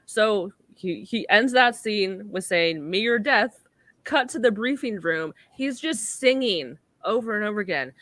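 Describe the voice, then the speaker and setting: Chatting through an episode recap, a young podcast co-host speaks unhurriedly with few pauses, her medium-pitched voice lively and a bit bright. "Like" crops up constantly, and she performs the quoted lines; the sound has no echo.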